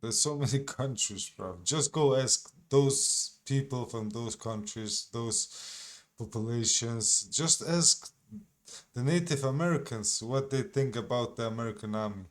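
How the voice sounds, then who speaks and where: A man's voice: medium pitch, a little slow. A man commentating on a clip in a profane, mocking, rambling rant. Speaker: reaction commentator.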